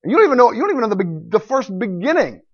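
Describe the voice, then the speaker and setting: Preacher putting on a mighty, sarcastic male God, loud high rhetorical questions, muffled lo-fi recording. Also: big pitch swings, very fast, breathy edge, heavily acted. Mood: challenging. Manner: booming, emphatic rhetorical questions. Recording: dull lo-fi recording.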